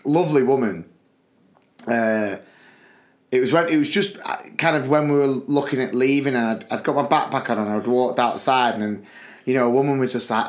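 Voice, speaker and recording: A man's voice: medium pitch, normal speed. A man from England co-hosting a podcast in casual chat, telling stories with plenty of laughter and putting on voices when he quotes people. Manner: chatty storyteller, laughs often, puts on voices for quotes. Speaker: podcast co-host.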